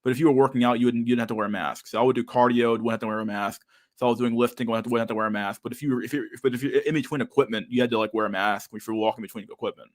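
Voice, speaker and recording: A man's voice: medium pitch, steady tone, very fast. A man hosting a podcast in a casual, rambling rant, swearing constantly and laughing often. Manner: profane, rambling, says dude a lot, laughs often. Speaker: podcast host. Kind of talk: casual ranting chat.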